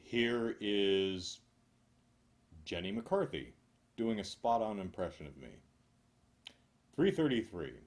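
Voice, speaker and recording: A man reading a list of corny jokes aloud in a deadpan way, chuckling now and then and making dry asides. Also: on the low side, slow pace, vocal fry, pauses often. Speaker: joke reader.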